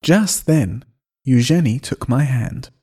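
Man narrating a story with lively pitch. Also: takes it slowly, husky. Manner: expressive first-person storytelling.

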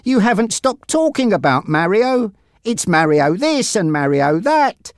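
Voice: mid-range voice, big pitch swings, a little slow, no room sound, studio quality, voice pushed up. A narrator voicing a teasing young teenage boy in a storybook reading.

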